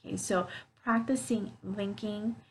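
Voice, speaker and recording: A woman teaching an online English lesson, explaining clearly with examples, with frequent fillers like "okay, so". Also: mid-range voice, steady tone, a little slow, darkish tone, a little hiss or hum, rough recording.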